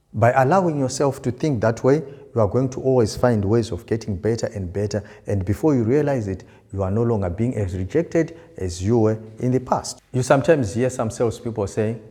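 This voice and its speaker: A man's voice: medium pitch, mellow. A male sales trainer giving a motivational lesson, stressing and repeating key words for emphasis. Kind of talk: motivational teaching talk.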